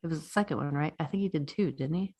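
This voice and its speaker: A woman co-hosting a podcast, her voice sitting a little low for a woman. She chats loosely and swears freely, laughing often. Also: fast, mellow, breathy edge. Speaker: podcast co-host. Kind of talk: casual chat.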